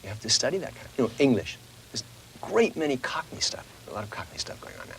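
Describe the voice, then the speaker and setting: Gravelly and mid-range, the middle-aged voice actor speaks quickly as a guest in a casual, animated interview, slipping into little voices while he tells stories. A faint hiss or hum sits under the audio.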